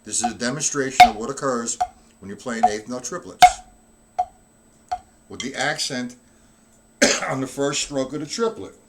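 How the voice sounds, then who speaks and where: A male drum teacher with a mid-range voice speaks at normal speed, pausing often, amid heavy background noise in a live-streamed lesson. He isn't feeling well, so he coughs from time to time, and he counts the beats out loud as he demonstrates.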